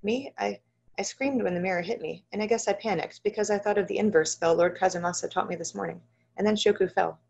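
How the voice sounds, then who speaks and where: A woman's voice: medium pitch, fast, creaky, a little mellow, slightly rough. A woman reading the lines of a frightened, guilt-stricken young apprentice sorceress who stammers and pleads. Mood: anxious. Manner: shaken, faltering, pleading. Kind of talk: audiobook-style reading.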